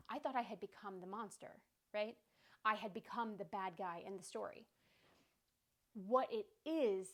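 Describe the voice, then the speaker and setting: A woman in her thirties hosting a podcast on emotional healing, talking in a casual, reassuring way and checking in with "okay?" and "right?". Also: mid-range voice. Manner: conversational, reassuring, many "okay?" and "right?" asides. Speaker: podcast host. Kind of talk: casual self-help talk.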